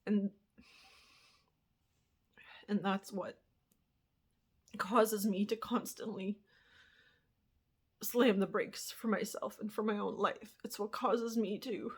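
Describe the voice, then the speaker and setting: A woman's voice: mid-range voice, steady tone, takes it slowly, pauses often, slightly rough. A young woman vlogger talking candidly and at length in a personal monologue, rambling and swearing casually as she reflects. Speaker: spiritual vlogger.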